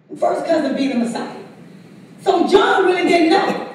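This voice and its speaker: A high-pitched woman teaches a Bible study in a loose, laughing, call-and-response manner. She is picked up from across a very echoey church room, with faint noise behind her. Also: lively intonation, moderate pace, darkish tone, far from the mic. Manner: conversational, laughs often, calls for congregation response. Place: church sanctuary.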